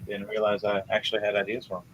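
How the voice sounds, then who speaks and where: Animated man running a tabletop game. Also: fast, muffled recording, slight background noise. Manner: animated, swings between loud bursts and low muttering. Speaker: game master.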